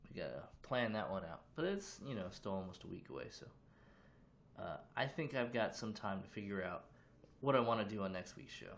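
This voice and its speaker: A man's voice: fairly low pitch, big pitch swings, brisk, fairly bright tone, a little hiss or hum. A man casually hosting a livestream from his room, chatting loosely and greeting viewers with questions. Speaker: livestream host.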